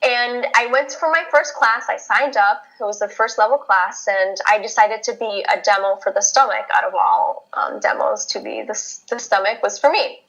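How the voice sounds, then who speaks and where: A woman physical therapist, a podcast guest, telling a personal story in casual chat, lively and laughing as she acts out her own thoughts. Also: a little high, moderate pace, hardly any pauses, rough recording.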